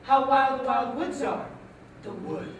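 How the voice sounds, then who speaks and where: A woman's voice: sits high, measured pace, a little hiss or hum. An actress playing a frightened young woman lost in the wild woods, pleading and repeating herself in a stage play. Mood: fearful. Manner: anxious, pleading, repetitive stage speech. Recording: echoey stage audio from a distant mic.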